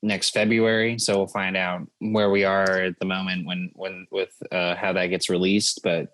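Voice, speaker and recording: Easygoing lower-voiced man. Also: little pitch movement, moderate pace, a bit bright, dry recording. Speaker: podcast co-host. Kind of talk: casual chat.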